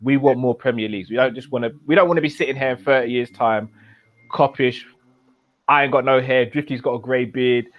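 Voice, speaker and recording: A man's voice: medium pitch, a little fast. Man hosting a fan panel, muffled line. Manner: questioning, stumbling restarts. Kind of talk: casual panel chat.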